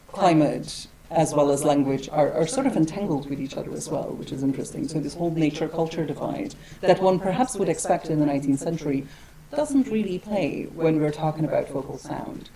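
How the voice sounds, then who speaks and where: A woman with a low, settled voice gives an academic lecture to a room full of people. She talks in a wry, digressive way and hedges often as she thinks aloud. The murmur of the audience is clearly heard behind her. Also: moderate pace, crowd noise, low-quality recording. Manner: wry, digressive, with frequent hedging asides.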